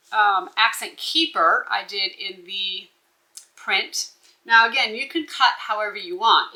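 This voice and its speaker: Woman instructor, crisp bright voice, patient step-by-step sewing walkthrough. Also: medium pitch, low-quality recording. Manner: instructive, checks in with "okay?". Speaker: bag-making instructor.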